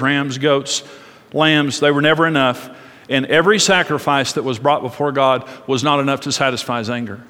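A middle-aged male pastor preaches with passion, stacking short, emphatic phrases. His voice is bright and sharp. It carries the long echo of a large church hall. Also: medium pitch. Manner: impassioned and repetitive, with rhythmic emphatic phrasing. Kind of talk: sermon.

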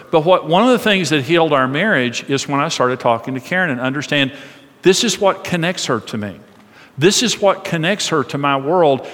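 Joking preacher man in a big hall. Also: mid-range voice. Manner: animated, joking storyteller. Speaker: pastor. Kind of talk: conversational sermon. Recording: long reverb of a large hall.

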